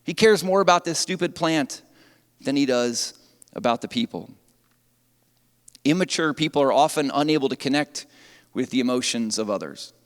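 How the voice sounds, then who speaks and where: Animated male preacher in a reverberant church. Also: mid-range voice, normal speed, long pauses. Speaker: pastor. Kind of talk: sermon. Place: church sanctuary.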